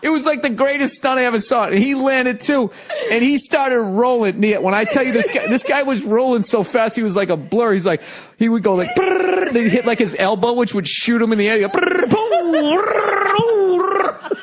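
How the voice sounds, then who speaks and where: Male podcast host, high voice, loose storytelling chat, laughs through lines, heavy profanity. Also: fairly quick, background noise. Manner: laughs through the story, swears freely, animated sound effects.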